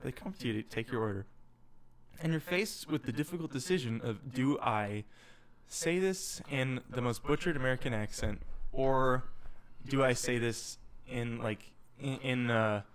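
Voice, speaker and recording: A young man co-hosts a casual comedy podcast, his voice sitting at an ordinary middle pitch. He builds animated, mock-serious rants about everyday troubles as if they were grave matters. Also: normal speed, clean tone. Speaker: podcast co-host.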